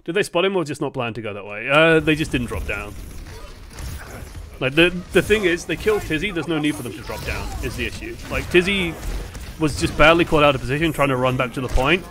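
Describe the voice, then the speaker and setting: Young man, casual esports analyst, bright voice, swears freely. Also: a little high. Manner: chatty, swears freely, animated asides. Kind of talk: casual match breakdown commentary.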